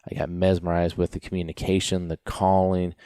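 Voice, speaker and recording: A man with a low, deep voice talks casually, as on a podcast, about training dogs. He rambles and restarts often while telling stories. The sound is close and dry, with no room echo. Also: monotone, fairly quick, dark tone, clean tone. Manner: rambling, storytelling with many restarts and fillers. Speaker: dog trainer and podcast host.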